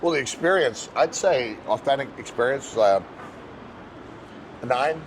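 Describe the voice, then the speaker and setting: An older American man, a guest chatting casually and telling relaxed stories outdoors. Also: medium pitch, a little slow, slight background noise. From United States. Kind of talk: casual chat.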